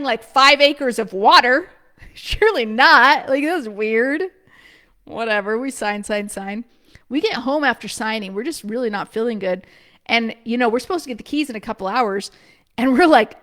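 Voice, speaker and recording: A woman with a bright, high voice tells a long personal story straight to her listeners. She talks in a loose, chatty rush, fills her sentences with "like," and drops into quick laughs as she acts out her own past remarks. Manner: animated, filler-heavy with frequent "like", quick laughs. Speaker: preschool business coach.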